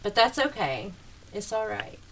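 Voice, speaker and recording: A woman's voice: mid-range voice, very animated, measured pace, creaky. A woman with a Southern US accent, co-hosting an interview in a chatty way, swearing freely and drawing her words out. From American South. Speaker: co-host. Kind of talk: casual chat.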